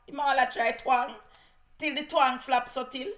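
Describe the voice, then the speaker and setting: A woman's voice: sits high, steady tone, unhurried, a bit bright. A woman with a Jamaican accent giving heated political commentary, scornful and mixing patois with English.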